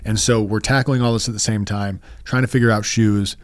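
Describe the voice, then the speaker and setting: Deep-voiced man telling a story haltingly. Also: steady tone, dry recording, studio quality. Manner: rambling, halting, with many restarts and fillers. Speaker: podcast guest. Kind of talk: casual storytelling interview.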